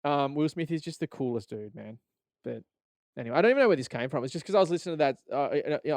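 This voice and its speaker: A man's voice: medium pitch, very fast, no echo. A young Australian man hosting a podcast, ranting casually with lots of swearing and laughter. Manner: profane, rambling, animated, laughs often. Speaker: podcast host. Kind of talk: casual solo podcast rant.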